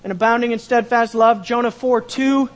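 A pastor preaching a sermon, repeating key phrases and swinging from loud emphasis to a hushed tone. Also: male voice, very high-pitched, fairly even intonation, moderate pace, long reverb tail.

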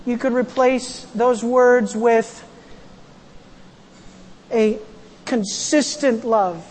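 A pastor preaching a sermon in a church, animated, acting out quotes and raising the voice for emphasis. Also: mid-range voice, very slow. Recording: long hall reverb.

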